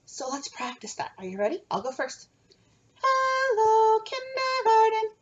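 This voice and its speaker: A woman's voice: sits high, fairly quick, dull audio. A young woman teaching a remote kindergarten music lesson from home, coaxing small children with a sing-song manner.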